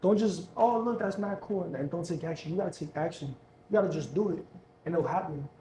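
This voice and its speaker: A man's voice: a little high, quick pace, dark tone, echoey room, rough recording. A young man, a guest entrepreneur, talking casually and earnestly about hustle and faith, repeating himself for emphasis. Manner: earnest, repetitive, slangy pep talk. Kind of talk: casual motivational talk.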